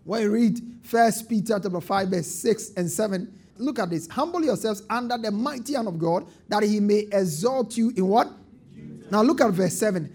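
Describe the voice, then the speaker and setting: A man's voice: high voice, moderate pace, a little mellow, husky. A man preaching a sermon as pastor, calling on the congregation to answer and building to emphatic bursts. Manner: call-and-response preaching with rising emphatic bursts.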